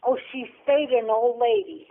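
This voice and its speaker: Older woman, high, lively, tinny sound. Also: moderate pace. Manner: warm exclamations, short reactions. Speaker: podcast co-host, grandmother. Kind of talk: casual chat.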